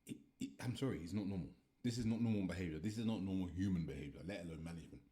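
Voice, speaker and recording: Deep-voiced man in a heated football rant. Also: racing, mellow. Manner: repetitive, heated, swearing. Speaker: football fan commentator. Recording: echoey room.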